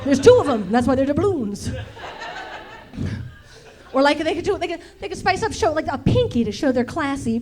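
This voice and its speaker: A woman's voice: high-pitched, lively intonation, fairly quick, crowd noise. A woman comic doing playful stand-up with songs on a club stage, laughing and acting out silly voices. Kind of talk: musical stand-up comedy. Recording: live stage recording with clear music. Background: guitar and audience laughter.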